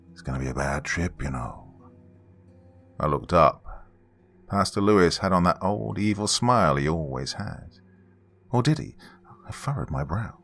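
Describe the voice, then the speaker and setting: A man narrating a first-person horror story in a measured, hushed storytelling manner. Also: on the low side, slight background noise.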